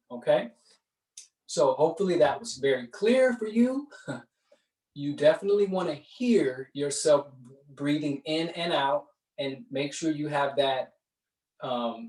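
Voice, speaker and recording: Male breathwork instructor, unhurried delivery, recorded from a distance in an echoey space. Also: mid-range voice. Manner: conversational, checks in with "right?". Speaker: yoga and meditation instructor. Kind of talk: guided breathing class. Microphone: far from the mic. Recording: roomy echo, distant mic.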